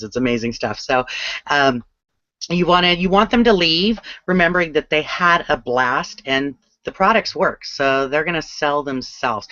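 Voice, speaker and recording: A man with a bright, slightly high voice gives friendly sales advice. He fills it with "you know" and "right?" and does not stop to polish his words. The audio is dry and dull, like a video call. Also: no room sound. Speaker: host of an online sales hangout. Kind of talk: casual sales coaching.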